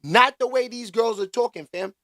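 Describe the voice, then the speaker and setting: A slangy, emphatic man with a notably high-pitched voice hosts a casual commentary vlog. He talks in loose street slang and keeps circling back to the same catchphrases. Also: normal speed, sharp tone, no echo, studio quality.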